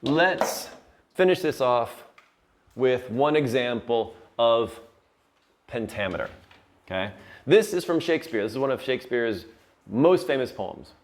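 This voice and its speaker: A man teaching a class on poetry terms, explaining slowly and patiently and often checking in with the students. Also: mid-range voice, expressive. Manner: slow, patient, checks in with "right?". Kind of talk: classroom lecture.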